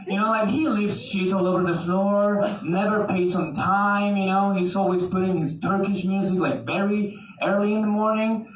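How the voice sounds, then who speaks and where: A man's voice: sits high, fairly even intonation, moderate pace, hardly any pauses. A young man from Mexico doing a stand-up set as the evening's emcee, chatty and full of fillers, talking with the crowd. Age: young adult. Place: comedy club on stage. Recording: echoey club from a distance, noisy. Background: audience laughter.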